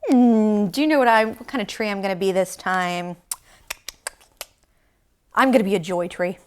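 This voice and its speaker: A woman's voice: medium pitch, normal speed, slight background noise. A young woman teaching yoga to young children in a sing-song, encouraging way. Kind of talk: leading a kids' yoga class.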